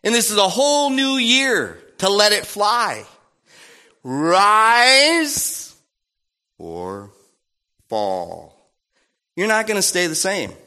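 A man preaching a sermon in a playful, animated way, acting out little voices and sounds. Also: sits high, normal speed, hardly any pauses.

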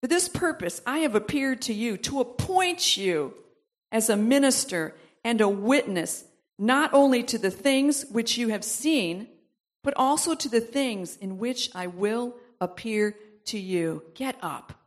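A woman's voice: fairly high pitch, animated, unhurried. A woman preaching a sermon, reading scripture aloud with asides, then building to emphatic repeated exhortations. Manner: reads verses aloud, breaks off with asides and laughs.

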